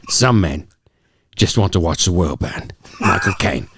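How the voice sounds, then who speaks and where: A man putting on an older English man's Cockney voice as a celebrity impression, low and halting. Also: huge pitch swings, vocal fry, heavy background noise, exaggerated voice. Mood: mock-solemn. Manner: halting, low-pitched impression, breaking into laughter.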